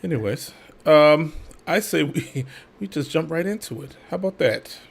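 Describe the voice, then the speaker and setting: A man co-hosting a podcast in casual chat, ribbing his partner in a dry, deadpan way. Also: fairly high pitch, normal speed, vocal fry, background noise. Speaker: podcast co-host.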